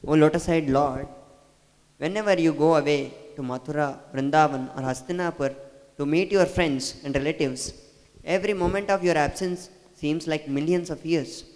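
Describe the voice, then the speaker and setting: A man's voice: on the high side, moderate pace. Man reading aloud in an echoey hall. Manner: steady, formal reading. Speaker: student reading translation. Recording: hall reverb.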